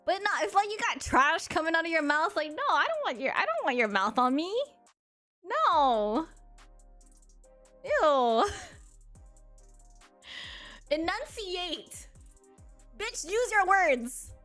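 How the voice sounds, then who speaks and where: A woman's voice: sits high, very animated, normal speed, pushed and bright, soft background music. A woman in her thirties, a streamer in casual chat with her viewers, talking in a blunt, sassy and crude way and laughing often. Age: 30s.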